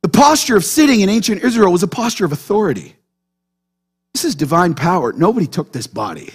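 A male pastor delivering a sermon with a notably high voice for a man. He talks animatedly and keeps drawing the congregation in with quick questions. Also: sing-song, husky.

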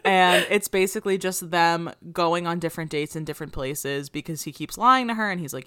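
A woman's voice: lowish voice, a little fast, hardly any pauses, a bit bright, smooth. Rambling young woman podcaster. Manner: rambling, filler-heavy retelling. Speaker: podcast co-host. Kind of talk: casual chat recapping a movie.

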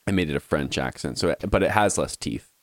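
A man co-hosting a podcast, trading teasing, deadpan remarks in casual banter. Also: extremely low pitch, fast, dry recording. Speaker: podcast co-host.

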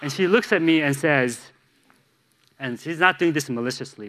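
A man's voice: a little high, normal speed, fairly bright tone, slight background noise. A man from Chicago preaching a sermon as a pastor, telling candid, self-deprecating stories with humor. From Chicago, USA.

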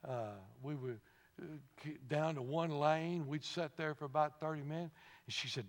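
Male preacher, slightly high voice, folksy and conversational, long church reverb. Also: normal speed. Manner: conversational, asks the congregation questions, laughs at his own stories. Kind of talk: sermon.

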